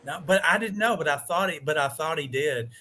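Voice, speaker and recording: A man chatting as a guest on a live stream over a video call, telling animated stories, acting out quoted dialogue and swearing mildly. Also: fairly high pitch, a little fast. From United States. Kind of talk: casual chat.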